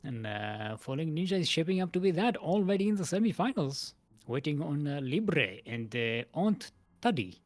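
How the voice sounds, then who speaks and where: An esports caster giving live play-by-play, animated and laughing, with frequent hesitations. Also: medium pitch, moderate pace. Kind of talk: live game commentary.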